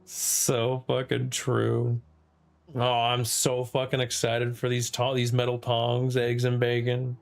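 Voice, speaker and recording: A man's voice: mid-range voice, monotone, takes it slowly, vocal fry. A man streaming a survival game, chatting loosely and profanely to himself as he plays. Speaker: gaming streamer and server host. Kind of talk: casual gameplay commentary.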